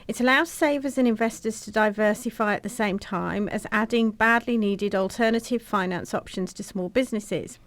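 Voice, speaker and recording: Female radio co-presenter, measured and explanatory, mid-range voice. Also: mid-range voice, dry recording. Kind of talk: casual radio talk. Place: radio studio.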